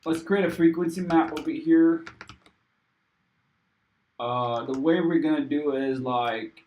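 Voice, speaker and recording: A young man thinking aloud while he codes on a livestream. He rambles casually, swears freely and talks straight to his chat. His voice sits a little high, and the room adds a noticeable echo. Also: takes it slowly, darkish tone, lo-fi sound. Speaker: livestreaming programmer. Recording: roomy echo.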